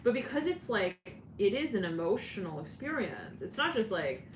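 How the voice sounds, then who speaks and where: A woman with a mid-range, sing-song voice gives a channeled tarot reading at a moderate pace, rambling and breaking into giggles and laughter often. The roomy recording comes from a distant mic, with clear background noise.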